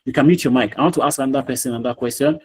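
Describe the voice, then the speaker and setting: A man's voice: medium pitch, rapid-fire, a little mellow, breathy edge, low-quality recording. A man teaching a live online class over a video call, repeating himself and quizzing students by name.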